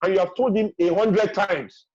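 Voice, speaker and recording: High-voiced, husky man. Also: fairly even intonation, normal speed, a little mellow, muffled recording. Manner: emphatic and repetitive, preachy. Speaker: guest speaker. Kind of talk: advice talk in a webinar. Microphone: video call.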